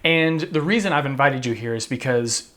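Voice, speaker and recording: A man hosting a podcast, telling a story in an earnest way with suspenseful pauses. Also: medium pitch. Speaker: podcast host. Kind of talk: storytelling narration. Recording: faint guitar music behind. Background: soft guitar music.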